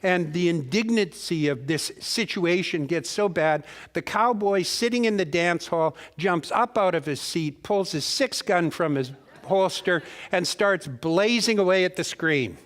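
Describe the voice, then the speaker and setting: A man's voice: high-pitched, expressive, a little slow, few pauses. Folksy man preaching a story. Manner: folksy, rambling storyteller who repeats and restarts words; talks directly to the congregation with questions. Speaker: guest minister. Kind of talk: storytelling sermon. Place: spiritual center sanctuary.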